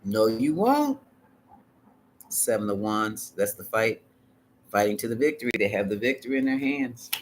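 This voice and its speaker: A man's voice: on the low side, fairly even intonation, a little fast, slight background noise. A man giving a live tarot reading in a dramatic, colloquial, sassy way, sometimes dropping into whispered asides. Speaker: tarot reader.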